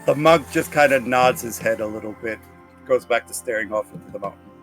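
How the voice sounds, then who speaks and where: A man's voice: mid-range voice, brisk, fairly bright tone, soft background music. A man running a tabletop game as game master, describing scenes hesitantly with many fillers.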